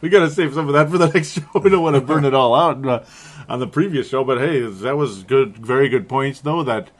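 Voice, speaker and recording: A man's voice: medium pitch, brisk. A man hosting a casual sports podcast, rambling and laughing often at his own slips. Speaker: podcast host.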